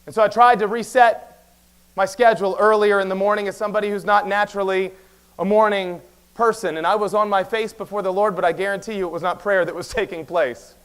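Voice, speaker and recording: A man preaching a sermon as pastor, talking very fast and telling stories with quick asides. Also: high-pitched, clean tone. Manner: animated storytelling with quick asides; talks very fast. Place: church sanctuary.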